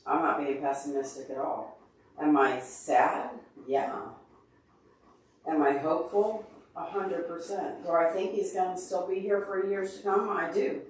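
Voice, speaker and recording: An upset, teary man talks earnestly and openly to his livestream viewers, calling them by name. His voice sits a little high for a man. He is well away from the microphone in a strongly echoing room. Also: unhurried, a little hiss or hum. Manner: emotional, earnest, openly tearful. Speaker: livestream host answering chat. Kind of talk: casual livestream chat. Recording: very echoey room, far from mic.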